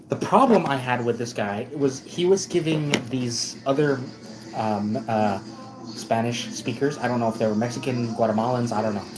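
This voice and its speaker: A man's voice: mid-range voice, noisy background. A man from the United States telling a story in a casual vlog, rambling and often correcting himself. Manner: rambling, self-correcting, with many restarts. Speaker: vlogger.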